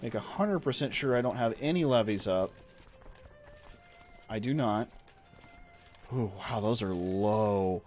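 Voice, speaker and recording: A man's voice: on the low side, a little slow, pauses often, a little mellow, faint music behind. A man streaming a strategy game, chatting casually and reading game text aloud as he plays. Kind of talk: casual gameplay commentary.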